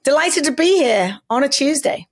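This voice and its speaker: A woman, a podcast co-host, joining in friendly, unhurried banter. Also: sits high, lively intonation.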